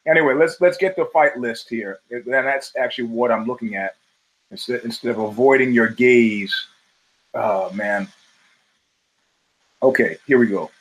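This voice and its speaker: A man's voice: medium pitch, normal speed, pauses often, rough recording. Middle-aged guy rambling on his podcast, lots of ums and restarts. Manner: digressive, many fillers and restarts, swears, chuckles. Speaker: podcast host. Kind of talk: casual rambling commentary.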